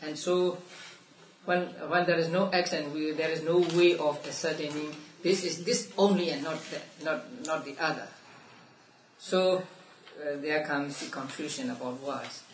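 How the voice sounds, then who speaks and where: A man's voice: fairly high pitch, fairly even intonation. Male Buddhist teacher in a roomy class. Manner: halting, with many restarts and soft laughs. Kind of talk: explaining a text to a study class. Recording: roomy, distant mic, faint room noise.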